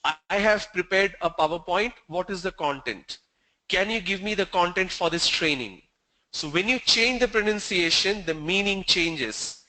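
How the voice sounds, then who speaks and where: A man, teaching pronunciation in an online training session and explaining with slow, stressed examples. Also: high-pitched, sharp tone, low-quality recording.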